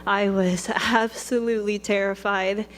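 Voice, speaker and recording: A woman's voice: mid-range voice, little pitch movement, unhurried, a little hiss or hum. A young woman telling a personal story in a chatty, rambling way. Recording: long reverb.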